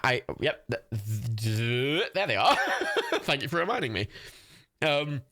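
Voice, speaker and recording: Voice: medium pitch, big pitch swings, a little slow, bright, forceful tone, no echo, clean studio sound. A young adult streamer hosting a watch party, chatting casually, reading out chat and gifts, swearing freely and laughing often.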